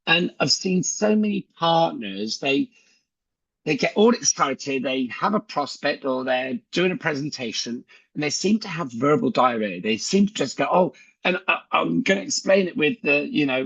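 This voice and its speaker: A man's voice: medium pitch, gravelly, fairly bright tone, slightly rough, no echo, dull audio. A man giving a chatty sales training talk on a video call, telling stories and acting out conversations. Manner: chatty storyteller who acts out dialogue.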